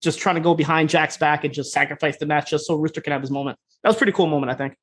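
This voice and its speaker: A man co-hosting a podcast, casually retelling scenes in a loose, fast way, slipping into quick quoted voices and laughing. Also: on the high side, steady tone, fairly bright tone. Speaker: podcast co-host. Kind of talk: casual recap chat.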